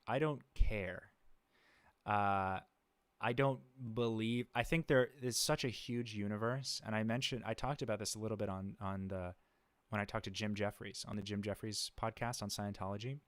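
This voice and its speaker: A man's voice: fairly low pitch, smooth, no echo. A man hosting a livestream, chatting casually with many fillers and restarts, chuckling now and then. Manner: laid-back, chuckles often. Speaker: livestream host.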